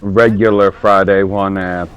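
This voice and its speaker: Slow, low-voiced man chatting. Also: level tone, clean tone, highs cut off. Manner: reads chat messages aloud, bemused. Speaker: co-host guest. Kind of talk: casual livestream chat.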